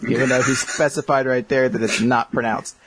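A man hosting a casual podcast chat, excitable and rambling, laughing often as he reads listener questions. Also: mid-range voice, brisk, background noise.

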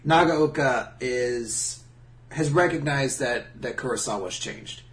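A man in relaxed, joking casual chat, talking through a story with a co-host. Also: medium pitch, slow.

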